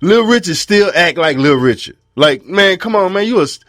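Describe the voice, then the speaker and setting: Animated, swearing man on a radio show. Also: high-pitched, moderate pace, no echo, studio quality. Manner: animated, swears a lot, rants. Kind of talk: casual chat.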